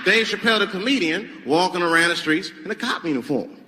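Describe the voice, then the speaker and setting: A male stand-up comedian telling stories on stage in a lively, animated way, jumping into loud high voices for characters. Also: fairly quick. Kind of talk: stand-up storytelling. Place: large theater stage. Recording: echoey theater with audience noise.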